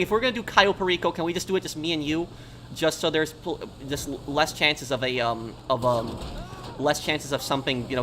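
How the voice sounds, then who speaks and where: A man's voice: medium pitch, fairly bright tone, slight background noise. A man chatting casually on a gaming live stream, telling rambling stories and answering viewers' questions. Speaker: game streamer.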